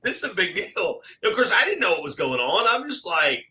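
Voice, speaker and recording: A man's voice: high-pitched, a little fast, rough recording. A middle-aged man, a guest on a casual chat show, telling a long story and acting out what people said. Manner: animated, acts out quoted exchanges.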